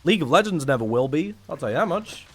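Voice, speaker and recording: A man's voice: on the high side, very animated, quick pace, fairly bright tone. Rambling, sarcastic young man. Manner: rambling, sarcastic, swears often. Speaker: streamer. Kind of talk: casual stream chat.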